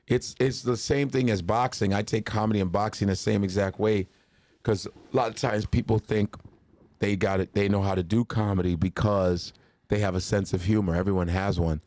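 A man's voice: fairly low pitch, moderate pace, no room sound. A male comedian hosting a casual chat, telling stories and acting out other people's voices. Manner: animated storyteller acting out voices. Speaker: host, comedian.

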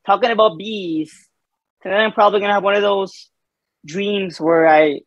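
A man's voice: sits high, steady tone, normal speed, no room sound, muffled recording. A young man in casual chat, laid-back and hesitant, often saying "man".

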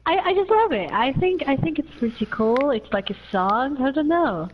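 A woman's voice: high voice, lively intonation, moderate pace, lo-fi sound. A woman streaming a video game, chatting casually in a hesitant, giggly way. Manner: hesitant, giggly, many restarts. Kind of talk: casual gameplay chat.

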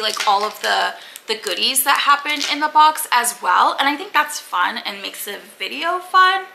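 Chatty young woman with a gravelly edge. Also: a little high, pushed and bright, a little hiss or hum, low-quality recording. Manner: chatty, rambling, lots of "like" fillers. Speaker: booktuber. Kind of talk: casual unboxing chat to camera.

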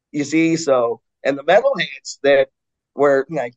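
Animated laughing metal singer, lo-fi audio. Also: male voice, fairly high pitch, normal speed, no echo. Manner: animated storyteller, acts out fans' voices, laughs often. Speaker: metal singer and interview guest. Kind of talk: casual interview chat.

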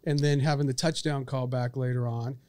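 A man in a casual podcast chat, talking in a measured, hesitant way with frequent ums and analysing games. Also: mid-range voice, fairly even intonation, a little mellow, no echo.

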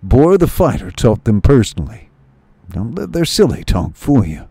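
A man voicing a calm, earnest male mouse warrior in a storybook reading. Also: mid-range voice, moderate pace, gravelly, breathy edge, dry recording, exaggerated voice.

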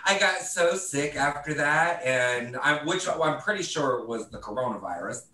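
Witty drag performer on a roomy call. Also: male voice, a little high, animated, a little slow, sharp tone. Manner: dry self-mocking wit. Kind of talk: casual video call chat. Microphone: video call. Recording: distant roomy video call audio.

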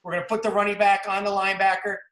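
Male football coach, New Jersey accent, high voice, energetic clinic talk in a roomy echo. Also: very fast. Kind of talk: clinic talk narrating game film.

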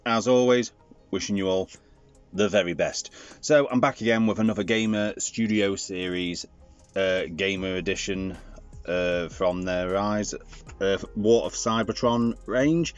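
Low-voiced chatty man reviewing toys. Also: unhurried, clean tone, lo-fi sound, soft background music. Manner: chatty, digressive, jokey. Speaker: toy reviewer, channel host. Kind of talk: casual toy review vlog.

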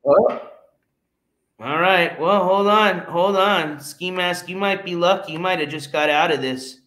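A man's voice: high-pitched, unhurried, roomy sound, background noise. A man hosting a livestream, mocking a rival and thanking viewers for donations while he loads clips. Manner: mocking, then mutters while fiddling with files. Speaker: livestream host. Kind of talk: livestream commentary.

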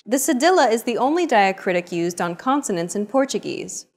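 A woman narrating a lesson, explaining grammar points in an even, scripted way. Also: medium pitch, brisk.

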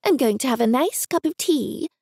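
Aussie lady putting on a bossy prim old mum, voice pitched up and thin, gravelly edge. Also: expressive, normal speed, a little mellow, dry recording, clean studio sound, full character voice. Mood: stern, prim. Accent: Australian. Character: stern disapproving older mother, fussy woman.

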